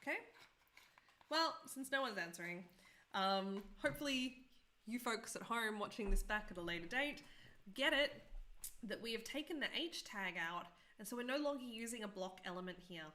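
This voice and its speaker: A woman's voice: fairly high pitch, lively intonation, moderate pace, bright, forceful tone. A woman in her thirties teaching a live-streamed coding tutorial, chatty and self-deprecating, often asking viewers questions.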